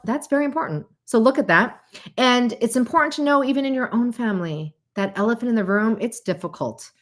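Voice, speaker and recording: A woman hosting a casual livestream talk and chatting to her audience, animated, with frequent laughs and asides. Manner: animated, acts out quoted voices with big pitch jumps. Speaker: host.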